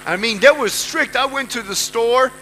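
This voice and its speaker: A man's voice: very high-pitched, moderate pace, sharp tone, a little hiss or hum, poor audio. A man giving a motivational speech to a live audience, emphatic, repeating key phrases and putting questions to the listeners. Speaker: motivational speaker.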